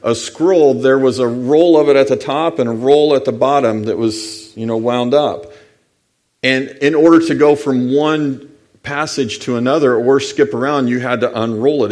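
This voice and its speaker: A man's voice: mid-range voice, gravelly, darkish tone. A middle-aged man preaching a sermon as a pastor, telling stories in a conversational way and reading scripture aloud.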